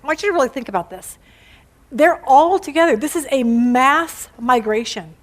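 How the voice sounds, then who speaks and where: A woman's voice: high voice, animated, normal speed. Chatty woman teaching a Bible study. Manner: chatty and playful, acts out quotes in funny voices. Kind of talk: casual Bible teaching to a group.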